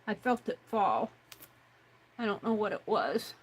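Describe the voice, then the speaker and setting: Slow-talking woman chatting while crafting. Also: medium pitch, very animated, a little hiss or hum, rough recording. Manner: chatty, talks to herself while working, reads chat aloud. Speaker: crafting livestream host. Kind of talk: casual crafting livestream chat.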